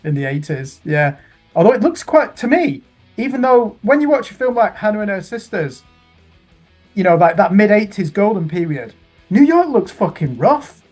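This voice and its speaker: A man's voice: high-pitched, big pitch swings, normal speed, a little mellow, soft background music. A man from England, hosting an interview in a chatty, casual way with easy swearing. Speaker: interview host.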